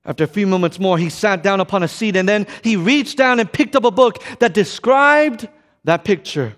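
A man with a notably high voice preaches in a church sanctuary, and his words ring out in a long reverb. He tells stories with drama and swings between loud passages and hushed ones. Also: normal speed. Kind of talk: sermon.

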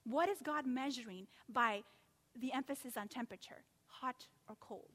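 A woman preaching a sermon, animated and full of rhetorical questions, acting out quotes as she goes. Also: high voice, normal speed, long reverb tail.

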